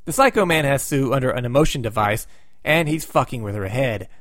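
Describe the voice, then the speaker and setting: A man's voice: mid-range voice, expressive, fairly quick, fairly bright tone, no room sound, clean studio sound. A man hosting a comic book recap, retelling the plot with sarcastic, wry asides.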